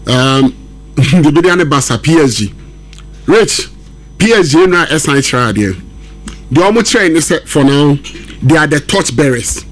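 Male football pundit, high and very lively voice, emphatic radio talker. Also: measured pace, pauses often. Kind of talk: sports radio discussion.

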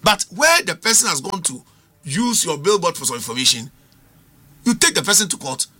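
Ghanaian guy on a political panel, high lively voice, really bright and sharp, keeps firing rhetorical questions. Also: a little fast, breathy edge. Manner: animated, rhetorical, switches between English and Twi. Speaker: political commentator. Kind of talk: studio political discussion.

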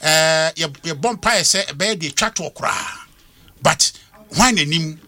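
A man's voice: on the high side, a little slow. A middle-aged Ghanaian man hosting a radio talk show, speaking emphatically and switching between English and Twi. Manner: emphatic, lively, code-switching. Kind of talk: animated radio discussion mixing English and Twi.

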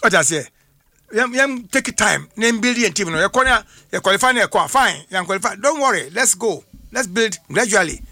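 A man's voice: sits high, expressive, fairly quick, bright, forceful tone, dry recording. A man with a Ghanaian accent, a football pundit on a radio sports talk show, talking emphatically and often asking rhetorical questions in a studio.

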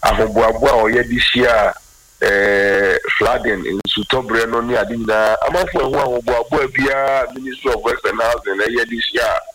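A man's voice: medium pitch, steady tone, normal speed, pushed and bright, a little hiss or hum, rough recording. A man commenting on current affairs in a radio talk discussion, switching between Twi and English and stating firm opinions.

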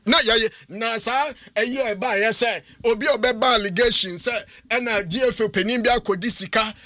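A man's voice: very high-pitched, moderate pace, pushed and bright, dry recording, studio quality. A man with a Ghanaian accent, hosting a sports radio talk show and giving emphatic, argumentative opinions. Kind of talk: radio sports talk in mixed Twi and English.

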